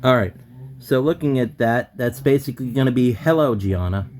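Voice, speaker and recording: A man as a language student on a video call, reading slowly, stumbling and correcting himself. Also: mid-range voice, lively intonation, a little mellow. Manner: hesitant, self-correcting, laughs at his own slips. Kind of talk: casual online lesson talk.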